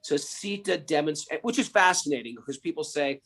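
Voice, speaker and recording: Fairly high-pitched, a bit bright and animated, this man speaks a little fast with hardly any pauses. He hosts a spiritual podcast, teaching through retold stories and emphatic rhetorical questions.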